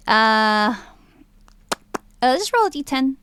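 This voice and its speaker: Woman GM, loose, rambling narrator; smooth, dry and close-miked. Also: mid-range voice, measured pace, no room sound. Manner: rambling, filler-laden description. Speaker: game master. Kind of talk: narrating a tabletop game.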